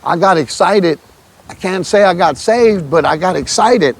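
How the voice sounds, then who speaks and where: A man's voice: high-pitched, a little slow. A man, telling his testimony in a casual, emotional way and often calling the listener "man". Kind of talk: casual storytelling.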